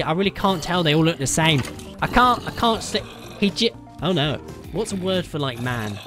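A British man hosting a casual gaming session, loud and joking, often laughing and playing with mock slang. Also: a little high, expressive, moderate pace, over music. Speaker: gaming YouTuber host.

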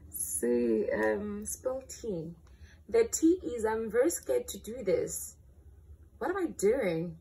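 A young South African woman in her late teens, talking to camera in an unhurried, drawn-out way. Her voice has a gravelly, fry-edged texture. She is candid and chatty, teasing herself as she answers questions. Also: mid-range voice, big pitch swings, dark tone. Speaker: vlogger. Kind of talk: casual Q&A vlog.

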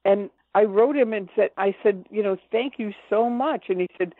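Older woman, guest storyteller, animated, voices quoted dialogue, thin phone-line sound, dry. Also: medium pitch, normal speed, few pauses, no room sound. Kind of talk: personal storytelling in an interview.

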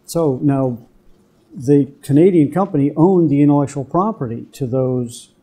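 An older man lectures in a very dark, mellow voice. He tells stories from his career in an easy way and stops to put questions to the room. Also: a little high, moderate pace, breathy edge. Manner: anecdotal, quizzes the audience. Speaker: guest speaker, business executive. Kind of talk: storytelling lecture to students.

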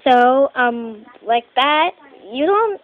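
A woman voicing teenage doll characters in a homemade skit, talking in a halting, rambling way and often clearing her throat. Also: sits high, animated, phone-quality sound.

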